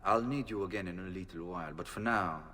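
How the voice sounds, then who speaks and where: Deep calm noble dad in a game, bossy, echoey hall. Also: male voice. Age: middle-aged. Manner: measured, authoritative orders. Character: stern noble father, calm and commanding. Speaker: video game character.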